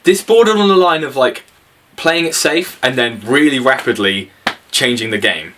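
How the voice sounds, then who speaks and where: A man's voice: medium pitch, lively intonation, moderate pace, fairly bright tone. A young man co-hosting a casual film review, blunt and opinionated, sweary, laughing often. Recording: voice from a distance.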